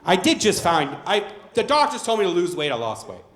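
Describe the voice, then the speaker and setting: A man's voice: sits high, wildly swooping pitch, fairly quick, fairly bright tone. Brash profane male stand-up comic. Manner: brash, profane, self-mocking. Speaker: stand-up comedian. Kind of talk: stand-up comedy set. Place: comedy club stage. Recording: roomy comedy club sound.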